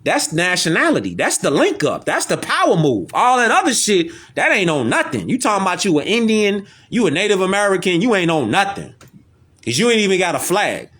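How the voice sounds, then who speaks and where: High, animated man. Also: fairly quick, breathy edge. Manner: slangy, repeats himself, fires rhetorical questions. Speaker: online commentator. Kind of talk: casual streetwise monologue.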